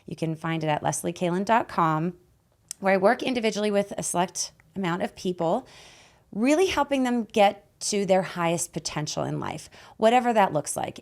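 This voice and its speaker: A woman from Canada hosting a podcast, her voice hoarse and raspy, talking in a bubbly, emphatic way and laughing often. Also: on the low side. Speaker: podcast host and life guide. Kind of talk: casual podcast chat. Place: podcast studio.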